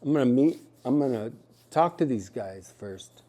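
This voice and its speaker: A middle-aged man telling a story at a community gathering, relaxed and humorous with jokey asides. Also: mid-range voice, normal speed, lo-fi sound. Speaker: storyteller and speaker.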